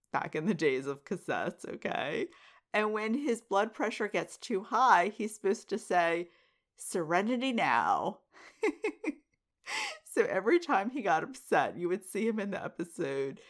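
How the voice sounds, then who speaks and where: A middle-aged woman hosts a casual solo podcast. Her voice sits in a middle pitch but moves up and down a great deal. She laughs often and keeps turning to the listener with direct questions. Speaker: podcast host.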